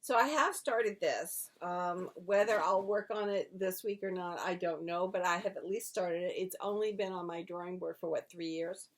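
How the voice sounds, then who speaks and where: A woman's voice: on the low side, moderate pace, few pauses. A woman co-hosting a knitting podcast, chatting casually and explaining her projects step by step. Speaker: podcast co-host.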